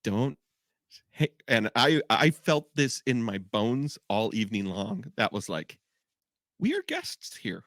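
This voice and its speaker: A man's voice: lowish voice, unhurried, a bit bright, no echo, clean studio sound. A man co-hosting a podcast, talking earnestly and reflectively. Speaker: podcast co-host. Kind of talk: casual chat.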